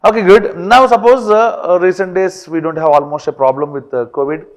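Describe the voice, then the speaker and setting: Male teacher with a high voice; lectures in a classroom, checking in with the class often. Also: fairly quick. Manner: frequent fillers and checks like "right or wrong?".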